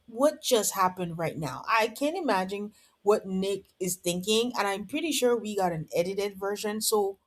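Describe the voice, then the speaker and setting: A woman's voice: mid-range voice, animated, normal speed. A woman hosting a podcast, recapping a reality show in casual chat with sarcastic, exasperated asides, acting out what the cast says. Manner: exasperated, sarcastic, acts out the cast members' lines.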